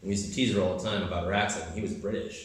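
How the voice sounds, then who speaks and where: A man from Brooklyn talks in a loose, chatty way, often breaking into laughter. His voice sits a little low. The recording is very echoey, and he sounds somewhat far from the mic. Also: fairly even intonation, rapid-fire. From New York, Brooklyn. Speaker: guest, English teacher. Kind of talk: casual podcast chat. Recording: echoey room, mic at a distance.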